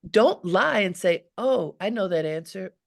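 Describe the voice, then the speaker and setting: A woman leadership coach giving measured, emphatic advice in a live webinar, speaking from deep in her chest. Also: animated, gravelly. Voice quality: grounded low voice. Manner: measured, emphatic, repeats key phrases.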